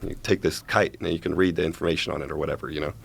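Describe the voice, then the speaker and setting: A man's voice: a bass voice, steady tone, very fast, creaky, breathy edge. A man casually telling a long story as a guest, profane and rambling, checking in with "right?" as he goes.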